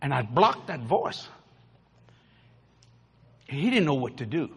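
A man's voice: medium pitch, sing-song, takes it slowly, breathy edge. A man from New Orleans with its accent, preaching an emphatic, folksy storytelling sermon. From New Orleans, Louisiana. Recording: long hall reverb.

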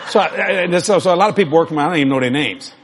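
An older man, preaching a storytelling sermon that acts out dialogue and climbs toward near shouts. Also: a little high, very fast, slightly rough.

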